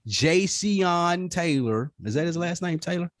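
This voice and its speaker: Man, podcast co-host, animated, lively swinging pitch, slightly high voice, dry close sound. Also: unhurried, dry recording. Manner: animated, profane, acts out mock quotes. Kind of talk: casual hip-hop podcast chat.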